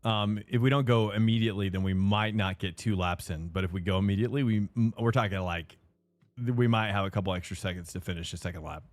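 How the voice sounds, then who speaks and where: A man's voice: lowish voice, fast talker, no room sound. A young man streaming a sim race live, rambling and chatting with viewers. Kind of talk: live stream chat while racing.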